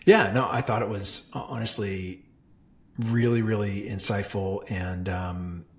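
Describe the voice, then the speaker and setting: Low-voiced jokey male co-host. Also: fairly even intonation, measured pace, slight background noise. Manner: jokey, laughing between lines. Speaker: podcast co-host. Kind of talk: casual banter.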